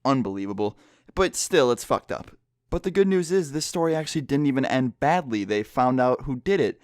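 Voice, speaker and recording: A man's voice: medium pitch, lively intonation, fairly quick, no echo, clean studio sound. A young man telling a story on his vlog, keeping his voice down indoors, casual and full of swearing and filler words. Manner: speaks quietly, holding his voice down; loose and profane, lots of filler words. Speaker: vlogger. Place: indoor room with people next door.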